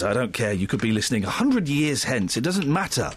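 Playful male radio host, lively pitch. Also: a little fast, hardly any pauses, a little hiss or hum. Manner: playful, mock-outraged, teasing. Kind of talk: jokey breakfast radio chat.

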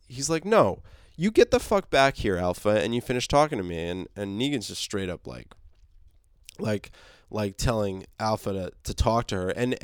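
A man's voice: lowish voice, clear, resonant tone, dry recording, studio quality. A man casually recapping a comic book, rambling with fillers and restarts. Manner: rambling, many fillers, laughs, swears.

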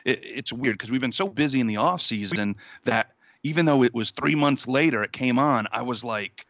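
A man's voice: medium pitch, moderate pace, fairly bright tone, dry recording. A man co-hosting a podcast, chatting casually and rambling with fillers. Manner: rambling, laughs easily. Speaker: podcast co-host. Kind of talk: casual chat.

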